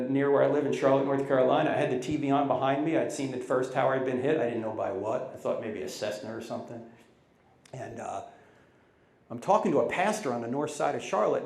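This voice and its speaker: A man's voice: mid-range voice, vocal fry, roomy sound. A man in his sixties giving a live talk to a campus audience, telling stories and acting out quotes in raised voices. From United States. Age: 60s. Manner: animated storyteller, acts out quotes in raised voices. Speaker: Christian apologetics speaker. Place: large university hall with audience.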